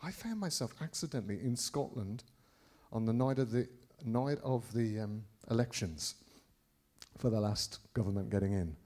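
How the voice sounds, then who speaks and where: A middle-aged Englishman preaching by telling a personal story, rambling with many restarts and sudden jumps in loudness. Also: on the low side, lively intonation, moderate pace. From England. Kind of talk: anecdotal preaching to a congregation.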